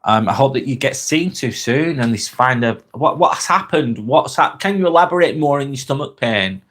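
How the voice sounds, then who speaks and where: A man's voice: medium pitch, lively intonation, moderate pace, a bit bright. An English man hosting a live vlog from a spare bedroom, chatting casually with viewers, rambling and repeating himself with lots of ums, on a clip-on mic. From England. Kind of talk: casual live-stream chat reading comments. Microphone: wireless clip-on mic.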